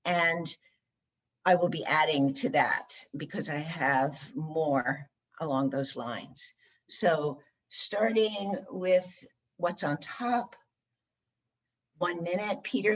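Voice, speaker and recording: A woman facilitating an online group workshop, guiding the session in a measured way. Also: sits low, a bit bright, low-quality recording.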